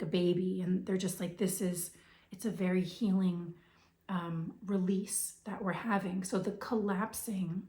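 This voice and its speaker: A woman with a hoarse voice giving a spiritual reading, hesitant and full of fillers, sometimes dropping to a whisper. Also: medium pitch, dark tone, reverberant. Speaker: intuitive reader.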